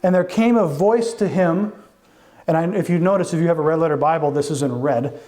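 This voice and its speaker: A male pastor, preaching a sermon in an animated, conversational way with frequent asides. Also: on the high side, a little fast.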